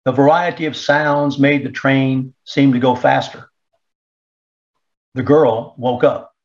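Male audiobook narrator, slow and measured, mid pitch, dull lo-fi recording. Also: fairly even intonation. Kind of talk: audiobook reading.

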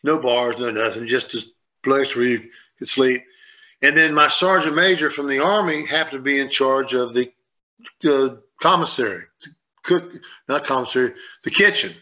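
Guy on sports radio going on and on, bright sharp voice, kinda dull lo-fi sound. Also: mid-range voice, moderate pace. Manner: rambling, repeats himself, acts out quotes. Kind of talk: casual radio storytelling.

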